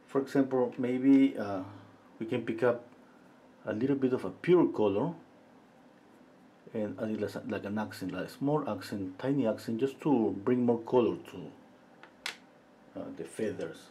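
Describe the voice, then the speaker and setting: A middle-aged man giving a live painting lesson, thinking aloud as he works, pausing often and chatting with viewers between steps. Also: lowish voice, a little hiss or hum. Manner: relaxed, thinking aloud while he paints, with frequent pauses and fillers. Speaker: painting instructor.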